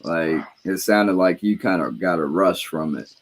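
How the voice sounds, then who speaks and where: A man's voice: deep voice, a little slow. A man in casual conversation, telling rambling, profane stories in a laid-back way. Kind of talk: casual chat.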